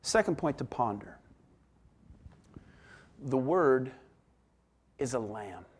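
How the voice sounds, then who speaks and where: A man preaching a sermon as pastor, reading scripture and explaining it, moving between emphatic exclamations and soft, hushed asides. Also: medium pitch, expressive, slow, husky.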